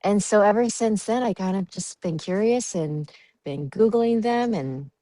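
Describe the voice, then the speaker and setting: A woman's voice: medium pitch, a little slow, mellow, no room sound. A woman guest chatting on a podcast, giggly and dreamy, with many fillers. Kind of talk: casual podcast chat.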